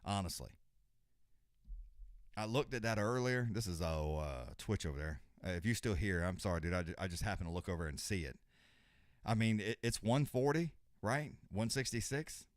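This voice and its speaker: A man's voice: lowish voice, expressive, moderate pace, no room sound, clean studio sound. An older man hosting a live stream, chatting casually in a rambling, profane way with lots of restarts. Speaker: host of a live fight companion stream.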